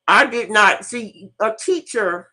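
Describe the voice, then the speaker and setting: A woman who is a host and teacher tells an animated, profane story in casual live talk, repeating herself along the way. Her voice is mid-range and her pace is slow.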